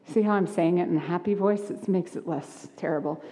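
A woman pastor preaching a sermon, moving between hushed, quiet lines and lively, animated ones. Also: on the low side, a little fast, few pauses, big-room sound. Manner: expressive, shifts from hushed to lively. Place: church sanctuary.

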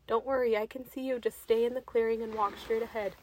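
A woman voicing a calm man reassuring his lost hiking companion from above. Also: fairly high pitch, fairly quick, slight background noise, close to an everyday voice. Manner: steady, reassuring.

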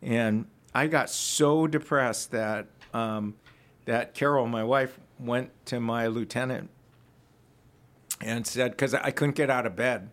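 Appearing on a podcast, a ministry founder shares his personal testimony in casual conversation, earnest and reflective, restarting often. His voice is medium-pitched and a bit bright, slow, with fairly even intonation.

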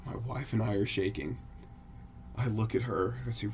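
A man co-hosting a podcast, telling a creepy story in casual chat, acting out noises and dropping to a hush for tense parts. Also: fairly low pitch, normal speed, slight background noise. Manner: animated, acts out creaks and drops to hushed tones. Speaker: podcast co-host.

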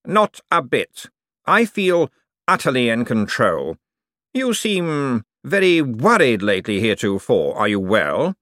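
A man reading an audiobook, voicing a calm male schemer who speaks softly and condescendingly, with a kindly tone that hides menace. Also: mid-range voice, a little slow, no echo, studio quality. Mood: smoothly kind. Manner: soft, smooth and condescending. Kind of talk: audiobook character voice.

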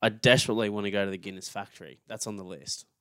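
A man's voice: fairly low pitch, steady tone, very fast, fairly bright tone, clean tone, dry recording, studio quality. A young man with an Australian accent, co-hosting a podcast with teasing banter and frequent restarts. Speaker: podcast co-host. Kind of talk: casual chat.

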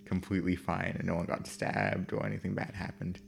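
A young male podcast co-host with a low, gravelly voice full of vocal fry. He keeps the banter easygoing, agreeing often and laughing along. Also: fairly quick, slight background noise. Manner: easygoing, mostly agrees and chuckles. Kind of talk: casual banter.

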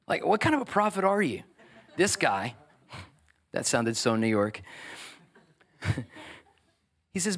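Pastor guy preaching hard, slightly high voice, jumps into little character voices. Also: moderate pace, pauses often. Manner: animated preaching, acting out voices of biblical figures. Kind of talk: sermon.

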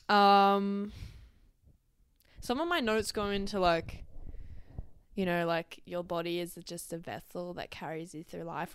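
A woman's voice: on the low side, clean tone, dry recording. A young Australian woman hosting her own podcast in casual, rambling solo chat, swearing freely and wandering into asides. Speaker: podcast host.

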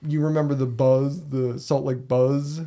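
In a basement room, a podcast host relates a story in a relaxed, lively way, performing his reactions complete with swearing. He talks unhurriedly at a medium pitch.

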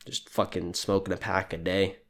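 A man's voice: low-pitched, flat delivery, moderate pace, a bit bright. A young man from Canada ranting crudely and sardonically as a solo podcast host, sleep deprived. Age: young adult. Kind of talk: profane solo rant.

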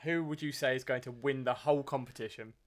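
Brief: easygoing young co-host, measured, a few hesitant restarts, mid-range voice. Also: male voice, mid-range voice, fairly even intonation. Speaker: podcast co-host. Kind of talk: casual football podcast chat.

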